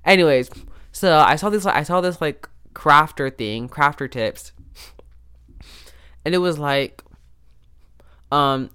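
A man's voice: on the high side, slow pace, pauses often, pushed and bright, smooth. A man hosting a podcast, telling a story in a rambling, casual way, often cutting himself off with restarts and asides. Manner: self-interrupting, restarts and asides. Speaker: podcast host. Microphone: podcast microphone.

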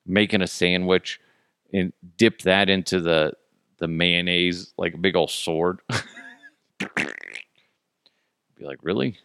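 A man's voice: sits low, slow pace, creaky, pauses often, bright, forceful tone, clean tone, no room sound, clean studio sound. A man hosting a radio show, rambling through a casual comedic monologue with goofy, profane jokes and laughter. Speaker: radio host.

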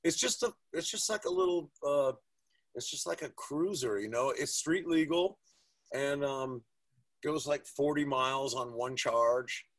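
A man's voice: medium pitch, a little slow. A man, a father, telling stories in a casual, profane chat. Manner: profane, animated storyteller.

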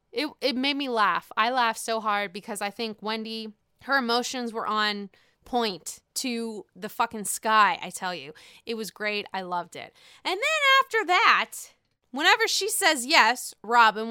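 A woman casually recapping a reality show, animated and profane, acting out the people she talks about. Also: a little high, smooth, dry recording, studio quality. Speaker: recap podcast host.

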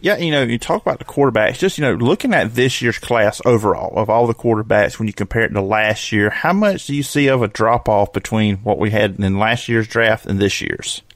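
A man's voice: on the low side, a little fast, few pauses, no room sound, studio quality. A man with an Alabama accent hosting a sports podcast, upbeat and casual with frequent fillers. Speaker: podcast host.

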